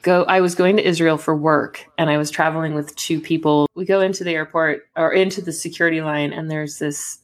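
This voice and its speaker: A young woman in casual chat, telling a story in an animated way and acting out the dialogue. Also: low voice, a little fast, few pauses.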